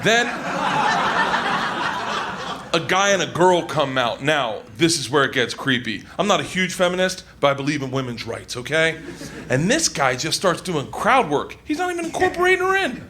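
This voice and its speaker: A man doing stand-up, telling a rowdy story loudly, laughing and acting out the characters. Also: on the high side, expressive, moderate pace, slight background noise. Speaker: stand-up comedian.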